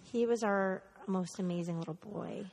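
A woman's voice: mid-range voice, normal speed, a little mellow. Chatty woman co-host, reverberant room. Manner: affectionate, chatty storytelling. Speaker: show co-host. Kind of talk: casual chat. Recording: reverberant kitchen.

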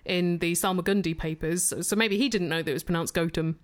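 A woman's voice: fairly low pitch, fairly even intonation, fast. A woman co-hosting a casual comic chat, wry and teasing, dropping well-read asides. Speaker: podcast co-host.

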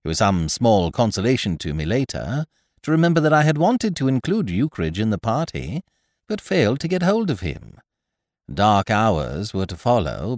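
Brief: male narrator, lively wry storytelling, slightly low voice, dry close sound. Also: no echo. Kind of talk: scripted audiobook narration.

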